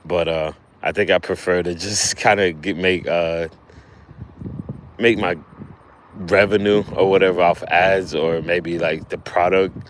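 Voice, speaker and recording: A man hosting a casual livestream outdoors while fishing, talking in a relaxed, halting way with lots of fillers and restarts, a little out of breath. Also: sits low, slight background noise. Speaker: livestream host.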